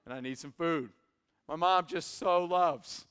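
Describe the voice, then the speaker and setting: A young man in his twenties preaching a sermon in a church, swinging from quiet asides to loud emphatic peaks. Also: fairly high pitch, measured pace, clear, resonant tone. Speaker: pastor. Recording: hall reverb.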